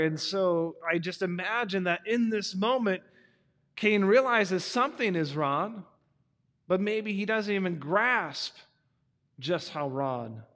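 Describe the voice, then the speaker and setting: Man, preacher, conversational storytelling sermon, high voice, echoey hall. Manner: animated, conversational, acting out the characters. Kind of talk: sermon retelling a story to young people.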